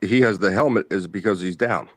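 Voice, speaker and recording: A man's voice: low-pitched, brisk, breathy edge, dry recording. A man co-hosting a casual podcast chat, laid-back and chiming in with comparisons. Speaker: podcast co-host.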